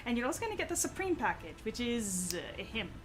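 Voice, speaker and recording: A woman's voice: a little high, sing-song, quick pace, soft background music. A woman hosting a game live stream, chatting casually while she plays and explains rewards.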